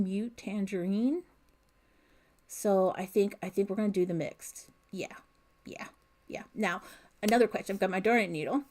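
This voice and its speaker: A middle-aged woman chats through a home crochet livestream, reading viewer comments aloud. She talks slowly and easily, her voice mellow and soft-edged. A plain desk mic picks her up at home. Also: medium pitch. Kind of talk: casual livestream chat. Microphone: desk mic picking up room sounds.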